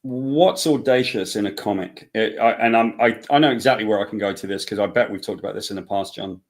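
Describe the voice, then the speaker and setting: A man with a lowish voice talks through a relaxed interview. He rambles, circles back and restarts his sentences. Now and then he acts out bits of dialogue as he tells a story. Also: brisk. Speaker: comic book writer guest. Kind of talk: casual interview talk.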